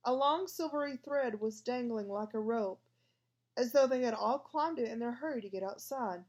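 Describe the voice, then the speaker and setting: A woman's voice: on the high side, normal speed. A woman narrating a storybook aloud and voicing every part herself. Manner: reads all parts herself. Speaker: audiobook reader.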